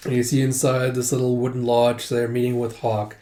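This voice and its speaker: A man casually reading through a comic aloud, narrating scenes in a loose, excitable way. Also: medium pitch, fairly quick, hardly any pauses. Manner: casual, retelling with "it's like", excitable. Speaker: comic readthrough host. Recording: roomy echo.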